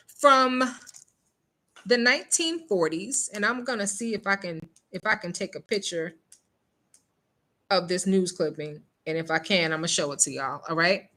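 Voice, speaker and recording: A woman hosts a casual news commentary show, her medium-pitched voice pushed and bright. She talks emphatically, throws out rhetorical questions, and checks in with "okay?" after her points.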